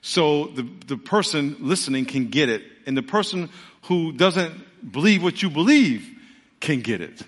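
Pastor guy preaching, slightly high voice, dramatic storytelling, lots of reverb from the sanctuary. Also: unhurried. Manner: animated storytelling, acting out messengers, then dropping to a low earnest hush. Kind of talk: sermon. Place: large church sanctuary. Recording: church hall with long reverb.

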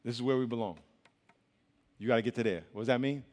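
A young man preaching as a youth pastor, animated and colloquial, swinging between loud and hushed. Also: mid-range voice, quick pace. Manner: colloquial, says y'all. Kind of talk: sermon. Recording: long reverb of a large hall.

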